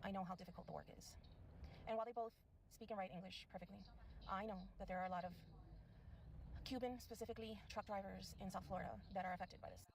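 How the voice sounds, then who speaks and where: A middle-aged woman giving prepared commentary to camera, measured and indignant, listing her points. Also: mid-range voice, fairly even intonation, creaky, a little hiss or hum, low-quality recording.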